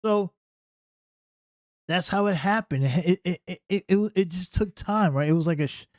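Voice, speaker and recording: A man's voice: high-pitched, moderate pace, a little mellow, dry recording, studio quality. A man hosting a political reaction commentary, talking emphatically and often checking in with "right?". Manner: emphatic, keeps asking "right?".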